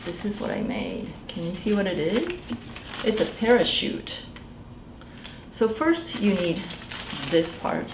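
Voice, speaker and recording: A woman's voice: medium pitch, sing-song, takes it slowly, far from the mic, noisy background. A woman hosting a library storytime for children, explaining a simple craft step by step. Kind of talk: storytime reading and craft demo. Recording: echoey room.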